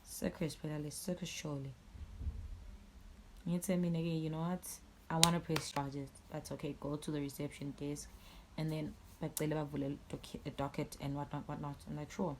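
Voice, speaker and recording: Low-voiced angry Swazi woman. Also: brisk, slight background noise. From Eswatini. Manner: angry, animated, swears a lot, switches into siSwati. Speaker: YouTuber. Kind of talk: storytime vlog.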